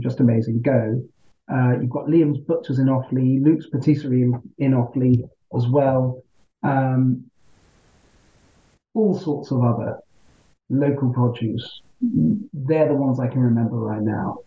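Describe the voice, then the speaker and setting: A male member of parliament answering interview questions in a measured, argumentative way, often checking in with "right?". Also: medium pitch, steady tone, roomy sound, phone-quality sound.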